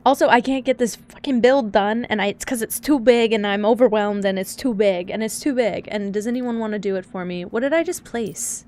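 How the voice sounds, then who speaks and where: A woman's voice: mid-range voice, brisk, few pauses, darkish tone. A young woman streaming live and chatting casually, teary and sniffly from crying, rambling and flustered as she laughs at herself. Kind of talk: casual live-stream chat while gaming. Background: faint background music.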